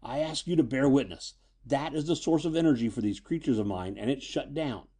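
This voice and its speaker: A man's voice: mid-range voice, brisk, dark tone, slightly rough. A man doing a frantic older scientist. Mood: agitated. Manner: anxious, pleading, exclamatory.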